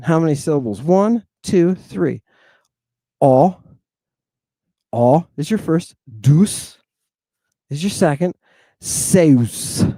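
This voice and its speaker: Male language teacher, unhurried, warm, dry close sound, spells out syllables and cheers progress. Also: on the high side, no room sound. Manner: drills words syllable by syllable, repeats them slowly; bursts of delighted praise. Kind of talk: pronunciation lesson.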